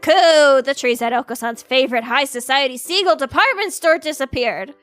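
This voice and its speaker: A woman voicing a hyperactive, silly male pigeon who coos and blurts out excited lines from a visual novel. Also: high-pitched, moderate pace, dry recording, soft background music. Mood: giddy. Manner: cooing, excitable. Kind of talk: reading visual novel dialogue aloud.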